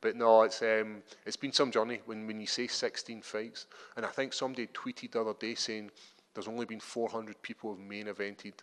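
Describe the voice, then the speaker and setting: Scottish man with a deep voice. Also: brisk, big-room sound. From Scotland. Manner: chatty, animated storytelling with many restarts. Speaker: MMA fighter. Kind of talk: media day interview.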